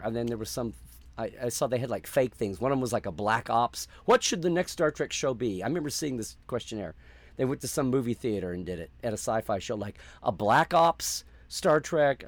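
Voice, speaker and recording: A man answering interview questions in a casual, animated way, acting out the voices of people he quotes. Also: mid-range voice. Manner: animated storyteller, acts out quoted reactions. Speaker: interview guest.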